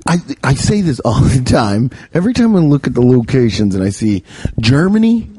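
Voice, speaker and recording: A man's voice: mid-range voice, big pitch swings, moderate pace, dark tone, a little hiss or hum. A man hosting a podcast, joking around in casual banter and laughing often while reading sponsor plugs. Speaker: podcast host.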